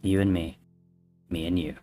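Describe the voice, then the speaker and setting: A man's voice: low-pitched, little pitch movement, moderate pace, dark tone, faint music behind, natural voice. A man voicing a grief-stricken young male king who speaks in a pleading, broken way. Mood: grieving.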